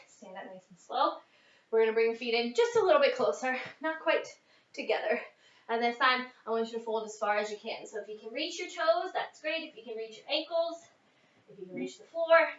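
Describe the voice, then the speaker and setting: Counting reps and coaching with upbeat energy, a young woman instructor runs a workout mid-exercise, slightly breathless. Her fairly high voice is expressive and moderately paced. The sound is lo-fi, dull, distant, and echoey.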